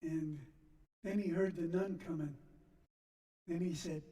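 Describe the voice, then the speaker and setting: Older man, slow and halting, high voice, mellow tone, echoey church from a distance. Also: fairly even intonation. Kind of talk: personal storytelling. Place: church sanctuary.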